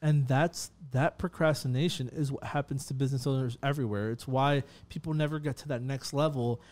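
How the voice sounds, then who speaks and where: A man's voice: mid-range voice, fairly even intonation, fairly quick, a little mellow. A man co-hosting a casual podcast, talking emphatically and profanely and tossing in "bro" often. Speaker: podcast co-host.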